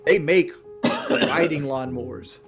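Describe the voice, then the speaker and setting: A man on a live stream speaking in a calm, reasoning way, urging someone to settle down. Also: on the high side, takes it slowly, music in the background. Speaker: stream participant.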